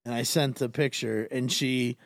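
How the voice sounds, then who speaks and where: A man hosting a podcast, chatting casually in a rambling, halting way with many fillers. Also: mid-range voice, steady tone, no echo. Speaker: podcast host. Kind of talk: casual chat.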